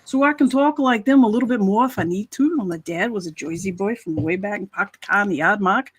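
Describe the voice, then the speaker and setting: This co-host of a live stream is a woman from North Carolina with a Carolina Southern accent. Her mid-range voice moves a little fast with a breathy edge as she chats casually and laughs often.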